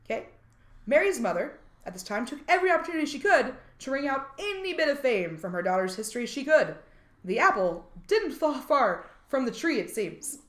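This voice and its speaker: A woman hosts a true crime podcast, walking through case facts with a high, very lively voice that swoops up and down. She breaks off into jokes and the odd swear word. The sound is roomy and echoey. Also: a little fast. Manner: reads case details, then jokes and swears. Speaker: podcast co-host.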